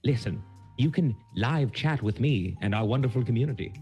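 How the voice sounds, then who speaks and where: A man's voice: medium pitch, expressive, moderate pace, warm tone, breathy edge, faint music behind. A man playing a pompous, absent-minded old lord who hosts the intermission, talking grandly and rambling. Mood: grandiose. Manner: grandiose, rambling, theatrical swoops. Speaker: intermission host. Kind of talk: in-character stream host segment.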